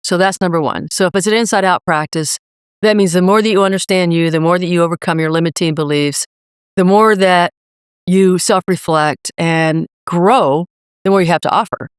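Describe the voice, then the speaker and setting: A woman's voice: fairly low pitch, moderate pace, clean tone, no echo, studio quality. Emphatic middle-aged woman, motivational coach. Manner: emphatic, energetic motivational speaker. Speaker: leadership coach and guest. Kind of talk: podcast interview.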